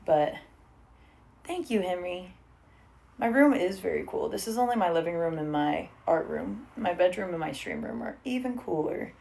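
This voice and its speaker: A woman's voice: lowish voice, moderate pace, gravelly, a little mellow. A young woman in casual livestream chat at home, swearing freely and reading out viewer comments while braiding her hair. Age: young adult. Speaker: streamer. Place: living room at home.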